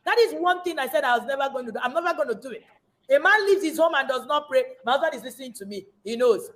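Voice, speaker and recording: A woman's voice: high voice, expressive, fast talker, a bit bright. Fiery woman hosting a podcast. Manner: passionate and sermon-like, with sudden emphatic bursts. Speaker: podcast host. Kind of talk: podcast talk on parenting.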